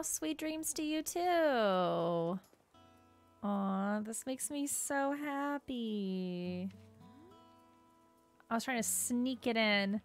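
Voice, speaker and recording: Young woman chatting thru her game, kinda high voice, all gushy with lots of likes, faint game music behind. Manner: bubbly, gushing, lots of "like" fillers. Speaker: gaming YouTuber. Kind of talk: casual gameplay commentary. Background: soft game music.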